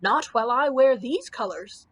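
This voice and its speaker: A woman's voice: high voice, expressive, unhurried, fairly bright tone, heavily acted. A woman voicing a proud, gallant male knight who speaks in archaic, stately phrases in a storybook reading.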